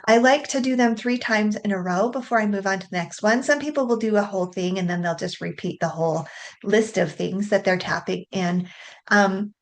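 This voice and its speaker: Woman calmly guiding a tapping session. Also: medium pitch. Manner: calm, steady repetition of each affirmation three times; softens and slows toward a quiet hush. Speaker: tapping coach.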